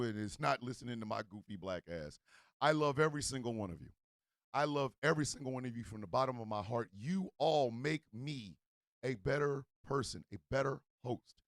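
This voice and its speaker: A man's voice: mid-range voice, no echo. A man hosting a morning talk show, signing off with rambling, heartfelt thanks to his listeners. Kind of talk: casual sign-off chat.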